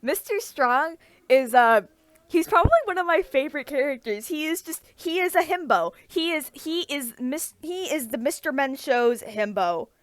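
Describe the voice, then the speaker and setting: A woman's voice: high-pitched, lively intonation, moderate pace. A woman co-hosting a casual chat, talking with eager enthusiasm and many restarts. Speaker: podcast co-host.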